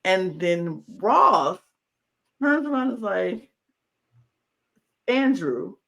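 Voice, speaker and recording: A woman co-hosts a casual reality-show podcast, recapping scenes and animatedly acting out the people involved with put-on voices. Her medium-pitched voice has vocal fry, and she takes her time.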